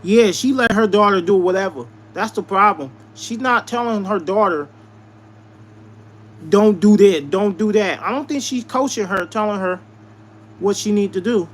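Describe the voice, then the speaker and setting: A man's voice: high-pitched, normal speed, a bit bright. A man telling a heated personal story to his live viewers, hammering points home by repeating them. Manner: emphatic, repeats lines for emphasis. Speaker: live streamer.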